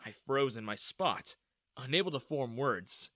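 Bright, lively male story narrator. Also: mid-range voice, measured pace, dry recording, clean studio sound. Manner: dramatic, expressive. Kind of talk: first-person story narration.

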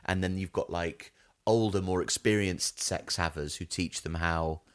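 A man's voice: sits low, steady tone, measured pace. A man co-hosting a comedy podcast, rambling through silly bits and putting on voices. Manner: rambling, puts on silly voices, laughs often. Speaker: podcast co-host. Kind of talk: comic improvised chat.

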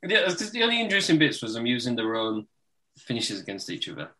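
A man's voice: mid-range voice, wildly swooping pitch, quick pace, bright, forceful tone. A man co-hosting a casual wrestling podcast chat, rambling and laughing often. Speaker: podcast co-host.

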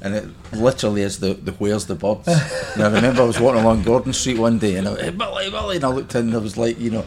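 A man's voice: fairly low pitch, fairly even intonation, rapid-fire, few pauses, a little mellow, slight background noise. A Scottish man in his fifties, chatting on a podcast and telling stories with easy laughter. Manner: chatty storyteller, laughs easily. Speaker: podcast guest. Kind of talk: casual chat.

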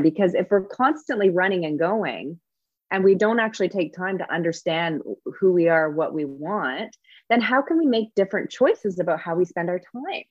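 A woman author explaining an idea in a steady, clear way during a conversation. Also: on the low side, no echo, dull audio. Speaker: author guest.

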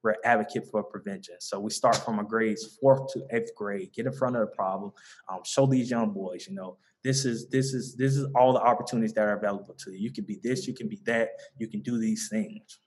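A young man from the American South speaks earnestly with a Southern accent in a casual interview about being a mentoring organization founder, using many fillers and restarts. His voice is on the low side, fairly quick, with fairly even intonation.

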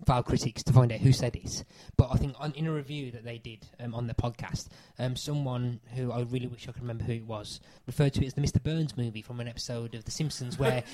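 Mellow-voiced jokey man. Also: mid-range voice. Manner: rambling, jokey, many restarts. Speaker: film podcast co-host. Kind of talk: casual chat.

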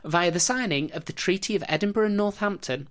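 Woman host, low-pitched, wry and jokey, telling history to a co-host. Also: a little fast. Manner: wry, jokey, breaks into laughter. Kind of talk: casual storytelling chat.

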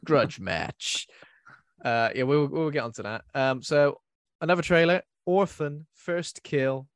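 A man's voice: on the high side, moderate pace, smooth, no echo, studio quality. A man hosting a casual podcast chat, rambling with fillers and restarts. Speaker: podcast host.

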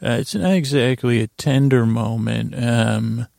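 A man's voice: mid-range voice, measured pace, gravelly, a little mellow, no room sound, studio quality. A man hosting a podcast, casually recapping a TV episode in a rambling, conversational way. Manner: rambling, conversational, often restarting and retelling scenes. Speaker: podcast host.

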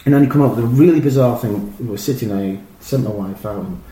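A middle-aged former professional footballer, appearing as a guest, tells casual anecdotes in a fast, medium-pitched voice. His stories are animated and rambling, packed with fillers and restarts. The recording has a roomy echo and faint noise.

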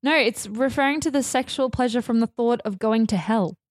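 A woman's voice: on the high side, brisk, no room sound. A woman co-hosting a comedy podcast, reading out odd terms with playful emphasis. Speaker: podcast co-host. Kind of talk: casual comedy chat.

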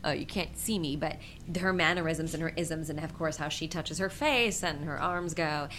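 A woman impressionist with a husky voice, chatting animatedly as an interview guest and laughing often. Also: deep voice, normal speed, a bit bright, slight background noise. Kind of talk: casual interview chat.

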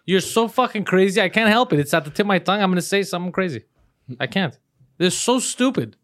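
A man talks fast and bluntly in a casual podcast chat, mocking freely and swearing as he goes. His voice sits a little high, recorded dry and close. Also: lively intonation, fairly bright tone, dry recording.

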